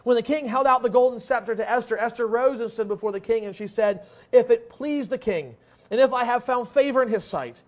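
A man's voice: very high voice, a little fast. A man preaching a sermon, reading scripture dramatically with strong emphasis and explaining it in conversational asides. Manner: conversational asides with small restarts.

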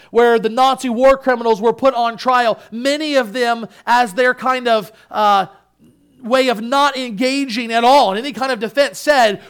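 A male pastor preaching a sermon, moving between loud emphatic peaks and hushed, low asides.

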